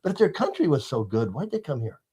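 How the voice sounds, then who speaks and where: Guy hosting a political chat show, rambles a lot, um uh restarts, mid pitch. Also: wildly swooping pitch, fast talker, dark tone, slightly rough. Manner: rambling, many fillers and restarts. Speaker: talk show host.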